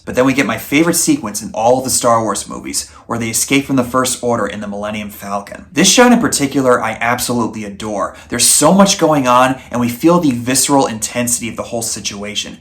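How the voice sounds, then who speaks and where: A man's voice: medium pitch, fairly bright tone. A man reviewing a film in a scripted voice-over, earnest and enthusiastic in a conversational way. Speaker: movie reviewer, channel host.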